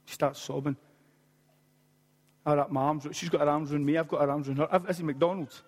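Male pastor, late 40s, a little high-voiced; animated storytelling sermon, long hall reverb. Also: a little fast. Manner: animated storytelling with humorous asides.

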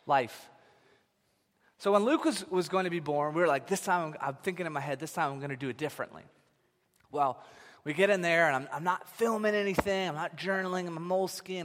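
A man in his thirties preaching a sermon, telling stories in an animated way that swings from loud to hushed. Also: high voice. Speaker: pastor. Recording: long reverb of a large hall.

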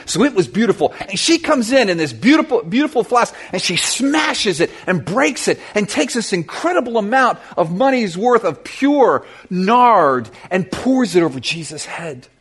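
A man preaching a sermon to his church, telling a Bible story with lively questions to the congregation. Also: high-pitched, breathy edge. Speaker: pastor.

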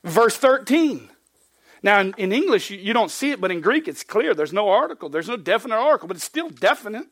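High-voiced emphatic preacher man. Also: sing-song, fairly quick, fairly bright tone, no room sound. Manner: emphatic, reads scripture aloud with rising force; folksy, plainspoken asides. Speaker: pastor. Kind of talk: expository sermon.

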